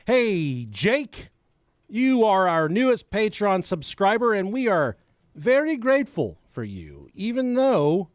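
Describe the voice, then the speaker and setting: A middle-aged man co-hosting a crude comedy podcast, joking loudly and rambling through stories. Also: sits high, wildly swooping pitch, slow, dry recording, studio quality. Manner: rowdy, joking, breaks into song and mock voices. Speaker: podcast co-host.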